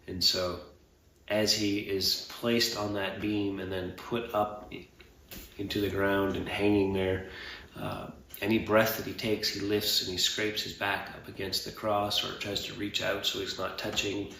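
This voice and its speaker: A pastor delivers an earnest, measured sermon in a gravelly, lowish voice. The mic sits some way off, so the church room rings around him. Faint background hum fills the gaps between his phrases. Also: little pitch movement, pushed and bright. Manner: earnest, measured, with fillers and pauses. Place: church sanctuary. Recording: roomy church sound from a distant mic.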